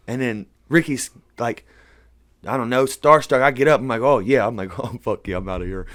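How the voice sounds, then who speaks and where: A man's voice: medium pitch, brisk, fairly bright tone. A man co-hosting a podcast, telling a fight story in a rowdy, profane way and laughing through it. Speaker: podcast co-host. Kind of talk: casual storytelling chat.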